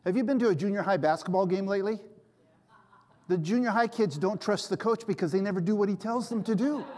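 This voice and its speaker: A pastor in his seventies preaches a sermon in a voice that sits high with a darkish tone, and the recording sounds like a big room. He tells stories as he preaches and acts out the voices in them.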